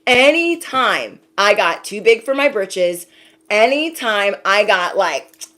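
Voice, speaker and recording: A woman's voice: medium pitch, animated, slow, fairly bright tone. A woman, an intuitive card reader, giving a casual spiritual reading to her viewers, talking emphatically with a lot of repetition and some casual swearing.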